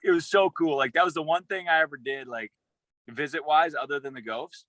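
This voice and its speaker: A young man, a former college football player, telling a rambling, excited story in a casual interview, with many restarts. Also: a little high, a little fast, dry recording, low-quality recording.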